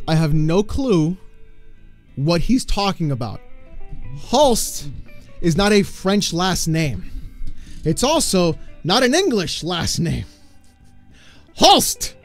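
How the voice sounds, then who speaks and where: High-voiced man ranting over faint music. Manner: exasperated, mocking, swings into shouting. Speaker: gaming commentary YouTuber. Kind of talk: ranting reaction commentary.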